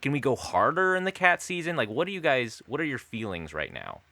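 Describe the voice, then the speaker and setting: Lively bright-voiced podcast co-host, a man. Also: medium pitch, a little fast, dry recording. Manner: upbeat, prompting others with questions. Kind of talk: casual movie-review chat.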